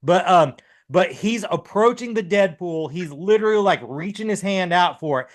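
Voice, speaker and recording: A man co-hosting a casual podcast, telling a story in a relaxed way with many fillers. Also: high-pitched, normal speed. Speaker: podcast co-host. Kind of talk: casual chat.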